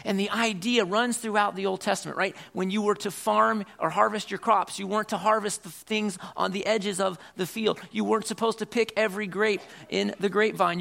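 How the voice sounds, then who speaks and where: A man's voice: high voice, vocal fry, a bit bright. A man preaching a sermon as a church pastor, earnest, often repeating words as he restarts, reading scripture aloud.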